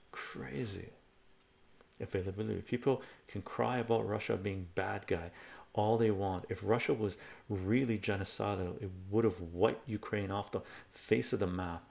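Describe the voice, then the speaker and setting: Man, low pitch, gravelly voice, blunt profane live-stream rant.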